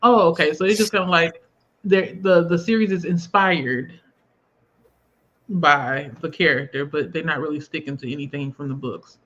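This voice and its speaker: A woman's voice: sits low, moderate pace, a bit bright, a little hiss or hum. A woman hosting a live video call, talking in a loose, chatty way and breaking into laughs. Her audio comes through dull and lo-fi, like a stream over a video call. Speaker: livestream host. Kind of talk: casual livestream chat.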